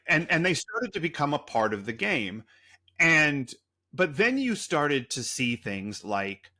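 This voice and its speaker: A man's voice: a little high, bright, forceful tone. A man co-hosting a podcast, rambling through a story in a loose, profane, casual way. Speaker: podcast co-host.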